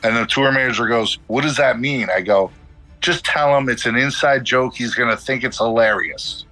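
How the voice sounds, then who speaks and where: Bright-voiced man telling a story. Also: mid-range voice, moderate pace, no echo, faint music behind, rough recording. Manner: animated, acts out dialogue in quotes. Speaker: guest musician telling a story. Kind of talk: casual storytelling on a podcast.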